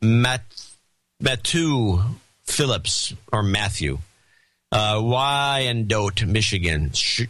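Middle-aged guy on a podcast, hammy reading of donor notes, bright sound, dead dry. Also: on the low side, animated, very slow, no echo. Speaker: podcast co-host. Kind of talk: reading listener donations aloud.

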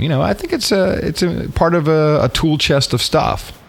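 A man co-hosting a podcast in casual chat, animated and swearing freely, often laughing. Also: a little high, unhurried, creaky. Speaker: podcast co-host.

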